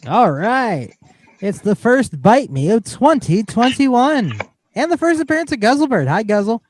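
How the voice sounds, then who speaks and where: High, lively-voiced joking man. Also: measured pace. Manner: playful, jokey. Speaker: podcast co-host. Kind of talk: casual chat.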